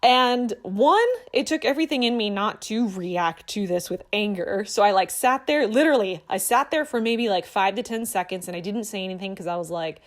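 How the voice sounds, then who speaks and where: A woman's voice: mid-range voice, lively intonation, moderate pace, few pauses. Earnest woman coach telling a story. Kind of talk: casual motivational talk to camera.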